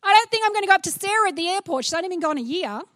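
Very high-voiced woman preaching. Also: rapid-fire, dry recording, clean studio sound. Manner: animated, playful, acts out little scenes in funny voices. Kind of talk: sermon.

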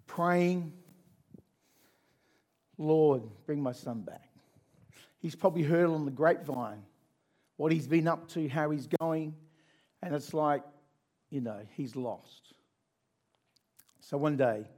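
A man preaching, retelling a story in a conversational, animated way with asides to listeners. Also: a little high. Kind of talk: sermon storytelling.

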